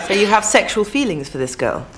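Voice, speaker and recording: An actress playing a calm, probing psychiatrist. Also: female voice, medium pitch, a little fast, a faint crowd, slight background noise.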